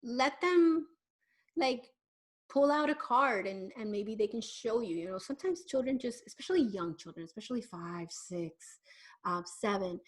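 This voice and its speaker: A woman with a fairly high voice gives parenting advice in a live question-and-answer session. She talks conversationally and sometimes slips into playful voices for children and parents. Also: expressive, moderate pace. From Miami.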